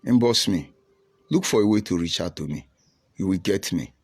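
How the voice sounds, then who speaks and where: A man's voice: low-pitched, expressive, normal speed, husky. A man with a Nigerian accent giving preachy, taunting livestream commentary while reading out viewer comments.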